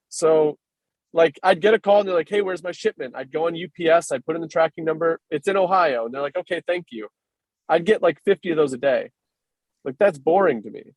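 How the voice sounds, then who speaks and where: A man's voice: fairly high pitch, a little mellow, no echo. Casual male podcast host, dry sound. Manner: quick casual talker, fills with "like". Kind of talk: casual chat.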